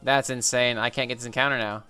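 A young man with a smooth, clear voice commentates his game stream in a steady stream of exasperated swearing and repeated exclamations. Soft background music sits faintly under his talk. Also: medium pitch, fast. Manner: frustrated, swearing, repetitive exclamations. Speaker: gaming streamer. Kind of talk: reactive gameplay commentary.

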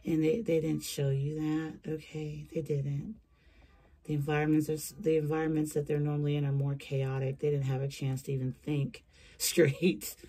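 A woman's voice: low voice, a little mellow, slight background noise. A woman giving a casual, chatty tarot reading from her small bedroom, talking straight to her viewers in slangy terms. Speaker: tarot reader.

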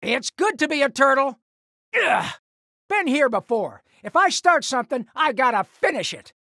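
A man's voice: very high-pitched, big pitch swings, normal speed, creaky, pushed and bright, dry recording, clean studio sound, heavily acted. A man voicing a brash, hot-headed teenage mutant turtle ninja in video game voice lines, full of sarcastic, cocky trash talk. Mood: gruff. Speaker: kart racer character.

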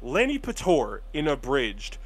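A man's voice: mid-range voice, huge pitch swings, measured pace. A man in casual chat, teasing dryly and swearing casually. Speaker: co-host.

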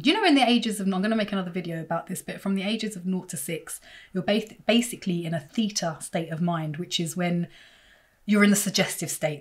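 A woman, a parenting vlogger giving a blunt, heated, sweary monologue to camera with mocking asides. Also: on the low side. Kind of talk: casual opinionated monologue to camera.

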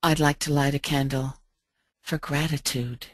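A middle-aged American woman telling a heartfelt personal story in a gentle, slow, reflective way with soft pauses. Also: deep voice, steady tone, no room sound. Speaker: speaker.

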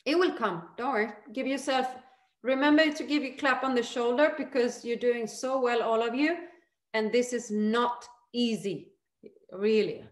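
A high-voiced woman leads a chanting class on a video call, speaking slowly and patiently. She encourages her students and sings each line herself before they try it. Her voice has an echoey room sound. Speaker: chanting teacher. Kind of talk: online group chanting lesson.

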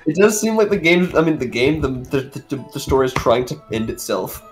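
A young man reads a goofy adventure aloud in a bouncy, animated voice that swings up and down. He keeps slipping in puns and laughing. Faint music plays behind him. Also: mid-range voice, a little fast. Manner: laughs a lot, punny, playful readings. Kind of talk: casual chat reading an AI story aloud.

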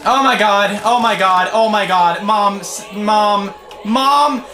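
A young man in his twenties with a Swedish accent, commentating a game while swearing, muttering low and yelling high. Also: takes it slowly, reverberant, faint music behind. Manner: loud, swearing, swinging between low mutters and high yells. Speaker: gaming video host. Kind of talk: gameplay commentary.

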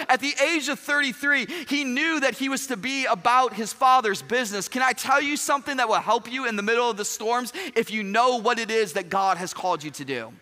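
A man preaching a sermon as pastor, animated, acting out quoted dialogue and asking the congregation questions. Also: extremely high pitch, moderate pace, few pauses. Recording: long hall reverb.

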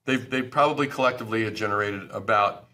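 Blunt, bright-voiced man guest. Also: fairly low pitch, quick pace. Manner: blunt and emphatic, swears freely. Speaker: branding expert guest. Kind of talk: podcast interview.

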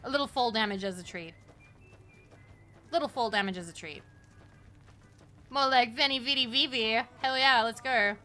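A woman's voice: fairly high pitch, normal speed, long pauses, pushed and bright, faint music behind. A young woman from Australia chatting playfully with her chat while streaming a game, giggling often. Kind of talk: casual livestream chat while gaming.

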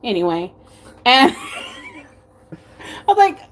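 A woman's voice: on the high side, big pitch swings, very slow. A woman with a Texan accent chatting casually in a home cooking vlog, rambling and giggling, cursing now and then. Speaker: vlogger. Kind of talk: casual chat. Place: home kitchen.

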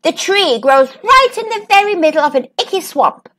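A woman voicing a cunning old female pig stranger who bargains slowly and slyly in a storybook reading. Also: extremely high pitch, very animated, a bit bright, voice pushed up, heavily acted. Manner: slow, wheedling, bargaining.

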